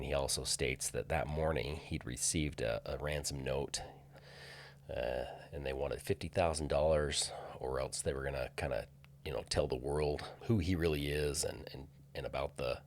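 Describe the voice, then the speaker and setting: A man with a very low, gravelly voice talks through a screen-share in a loose, hesitant way, often restarting his sentences. A faint hum sits under the recording. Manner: hesitant, many fillers and restarts. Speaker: filming location researcher. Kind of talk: casual screen-share walkthrough.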